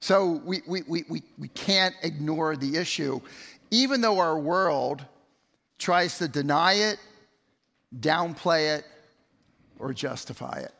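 Slightly high and a bit bright, this middle-aged man's voice carries vocal fry as he preaches slowly with long pauses. He's conversational, repeats words, and tells stories, speaking in a church sanctuary with long hall reverb.

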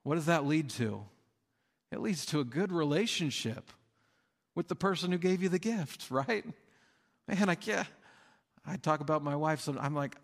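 Conversational pastor in a reverberant hall. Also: male voice, on the high side, lively intonation, normal speed. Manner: conversational, with fillers and acted-out quotes. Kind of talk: sermon.

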